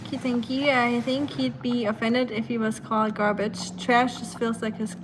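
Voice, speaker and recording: A livestream host with a slightly high voice and learned British English chats casually while cooking in her home kitchen, talking easily to her dog and reading viewer comments between tasks. Her pitch moves little and her speed is normal. Dishes and pots clatter clearly in the background.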